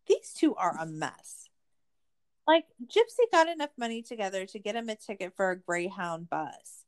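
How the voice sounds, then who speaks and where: With big pitch swings and a moderate pace, this woman chats casually as a podcast host about a true-crime documentary. She's sarcastic, curses, leans heavily on "like," and her voice shoots up when she's exasperated.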